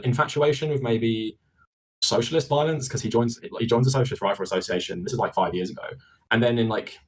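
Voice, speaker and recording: A man's voice: medium pitch, quick pace, slightly rough, rough recording. A man interviewing a guest, explaining at length with many fillers. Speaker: interviewer in a played clip. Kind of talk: conversational interview.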